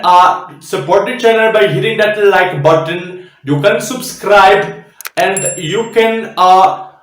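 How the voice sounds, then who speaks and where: A man's voice: high-pitched, voice pushed up. A man imitating an exaggerated Indian accent, making a polite appeal to viewers. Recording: echoey room.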